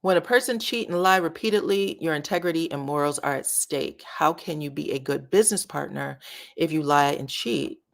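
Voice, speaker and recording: Low-voiced woman chatting commentary. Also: moderate pace, vocal fry. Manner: chatty, reads viewer comments aloud. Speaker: commentary channel host. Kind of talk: casual reality-show commentary.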